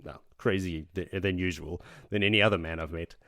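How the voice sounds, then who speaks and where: A man co-hosting a book podcast, recapping chapters in casual chat and acting out characters' lines in quick voices. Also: sits low, fairly even intonation, fairly bright tone. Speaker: podcast co-host.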